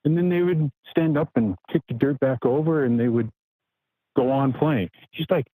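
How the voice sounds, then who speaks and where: A man's voice: medium pitch, normal speed, no echo, narrow, tinny audio. A man on a call-in show telling a story, checking in often with "right?". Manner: tells anecdote with frequent "right?" checks. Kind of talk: casual call-in chat.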